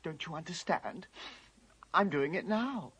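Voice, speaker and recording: A woman's voice: lowish voice, lively intonation, unhurried, a bit bright, slightly rough, full character voice, rough recording. A woman voicing a guilt-ridden, tearful male fawn in an amateur radio play. She talks anxiously and stammers. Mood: guilty, fearful. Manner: anxious, stammering, breaking into sobs.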